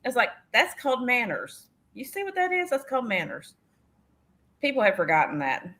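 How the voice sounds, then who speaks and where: A middle-aged woman, co-hosting a live sale and telling stories in a casual, animated way, laughing often and acting out the voices of people she quotes. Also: on the high side, normal speed. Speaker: co-host of live vintage sale. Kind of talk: casual storytelling chat.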